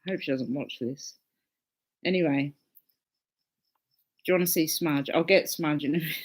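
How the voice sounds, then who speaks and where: A woman's voice: low voice, normal speed. A woman hosting a casual livestream, chatting with viewers in a loose, swearing, laughing way. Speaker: livestream host.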